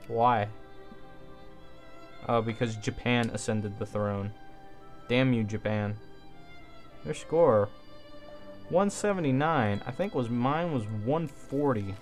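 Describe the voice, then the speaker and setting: Casual male let's-play host, mid-pitched, offhand, thinking aloud, faint music under him. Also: takes it slowly, long pauses. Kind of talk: casual gameplay commentary.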